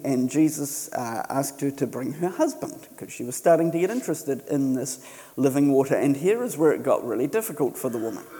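Middle-aged male preacher, casual storytelling delivery, mellow tone, slightly raised pitch, long church reverb. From New Zealand. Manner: conversational storytelling with self-deprecating humour. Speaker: missionary preacher. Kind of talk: sermon.

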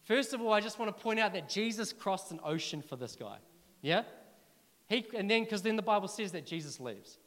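A man preaching a sermon to a church congregation, energetic and urging the crowd to respond. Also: high voice, a little fast. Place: church hall. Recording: long reverb of a large hall.

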